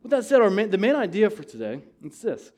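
A man's voice: high-pitched, huge pitch swings, quick pace, a little mellow. A male pastor preaching a sermon in a church, impassioned and emphatic, repeating key phrases. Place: church sanctuary.

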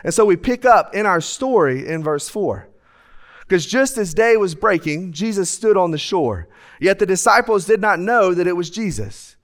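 High-voiced folksy preacher. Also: male voice, lively intonation, moderate pace. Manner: humorous, folksy, acts out voices of people in his stories. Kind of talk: lively sermon. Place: church sanctuary. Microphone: stage microphone.

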